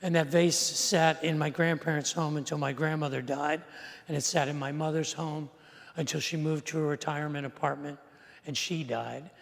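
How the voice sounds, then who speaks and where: A middle-aged male pastor preaching in a church sanctuary, with a fairly high voice for a man. He talks like he is telling a story to friends, asking the room questions and adding dry jokes. A long hall reverb trails behind his words. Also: steady tone, moderate pace, vocal fry. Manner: conversational storytelling, asks the audience questions, dry humor. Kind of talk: sermon.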